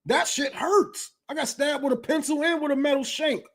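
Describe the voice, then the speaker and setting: A man's voice: very high-pitched, moderate pace. A man from Detroit hosting a casual livestream, talking bluntly and heatedly with lots of profanity. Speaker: livestream host.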